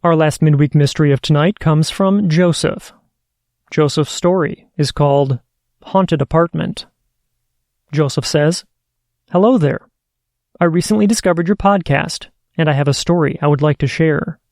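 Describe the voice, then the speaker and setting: A man hosting a podcast, reading listener stories aloud in a steady, earnest way. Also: fairly high pitch, normal speed, no echo, studio quality. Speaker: podcast host.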